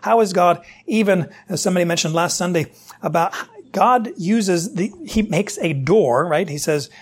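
A man's voice: high-pitched, moderate pace, breathy edge. A man, a pastor preaching a verse-by-verse Bible teaching sermon and talking directly to his congregation. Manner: conversational, explanatory, addresses the congregation directly.

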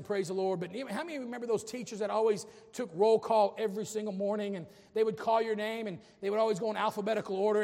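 A man's voice: high-pitched, darkish tone, in a large hall. A man preaching a sermon as a pastor, impassioned, with humorous asides.

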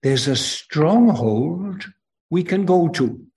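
An older Welsh man preaches to children, his pitch leaping and falling in a lively sing-song. He talks slowly and deliberately, leaning on each phrase with emphatic rises, and his voice sits a touch high for a man. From Wales. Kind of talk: children's sermon.

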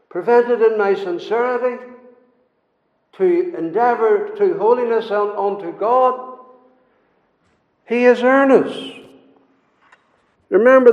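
A man preaching a sermon, earnest and repetitive, rising into pleading and dropping low for hymn lines. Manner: earnest, repeats phrases, swings from loud pleading to low near-sung hymn lines. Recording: echoey hall reverb.

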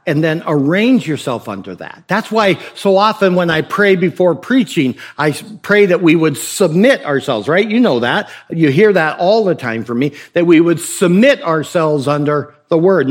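Male pastor with a slightly high voice, preaching casually with questions and jokes. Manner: conversational preaching with rhetorical questions and humor. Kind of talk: sermon.

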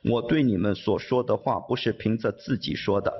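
A man's voice: lowish voice, fairly quick. Stammering male interpreter in a hall. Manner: stammering repeats, animated when rendering quotes. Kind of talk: live sermon interpretation. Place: large conference hall. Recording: dull muffled sound, long reverb in a hall.

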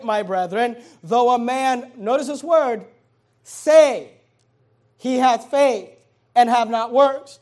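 Male pastor with a very high voice, preaching emphatically and drawing out key words. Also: a little mellow. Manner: emphatic, stretching key words while reading scripture aloud. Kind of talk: sermon.

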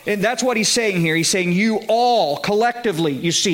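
With a high voice, a moderate pace and few pauses, this Southern US pastor preaches conversationally. He keeps checking in with his listeners and rises to emphatic peaks.

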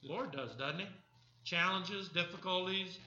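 High, bright-voiced preaching man. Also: normal speed, roomy sound, highs cut off. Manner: animated preaching, questioning the congregation. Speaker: pastor. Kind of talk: sermon.

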